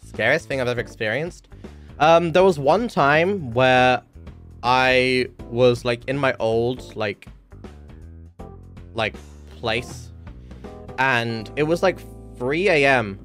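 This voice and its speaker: A man's voice: medium pitch, unhurried, a bit bright, soft background music. A man streaming from home, telling a story in a casual, rambling way with lots of filler words and swearing.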